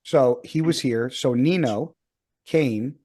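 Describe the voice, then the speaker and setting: A man's voice: medium pitch, takes it slowly, warm tone. Profane storytelling man, casual. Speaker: podcast host. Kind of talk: casual chat.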